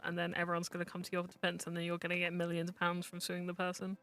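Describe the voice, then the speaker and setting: Streamer for a chatty gaming stream, teasing and rambling, bright and smooth, soft music underneath. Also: mid-range voice, monotone, quick pace, few pauses. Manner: rambling, teasing, mutters to self while playing. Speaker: VTuber streamer. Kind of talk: casual live-stream chat while gaming.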